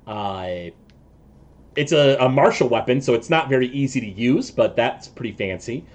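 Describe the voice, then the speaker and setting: A man narrating a tabletop session as game master, stopping and restarting often, thinking aloud as he describes the scene. His voice sits at an ordinary middle pitch. He talks casually and unscripted. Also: lively intonation, darkish tone. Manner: halting, many fillers and restarts.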